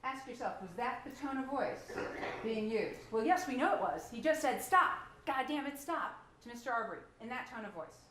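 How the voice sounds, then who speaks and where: A woman's voice: fairly high pitch, animated, brisk, echoey room, slight background noise. A woman prosecutor delivering a closing argument to a jury in a courtroom, with pointed, sarcastic rhetorical questions.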